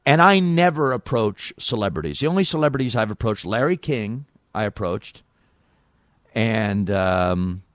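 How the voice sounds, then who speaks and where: A man's voice: lowish voice, unhurried, dry recording, studio quality. A radio host and impressionist telling an anecdote in casual chat, acting out the people he quotes. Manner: animated anecdote teller, acts out quotes.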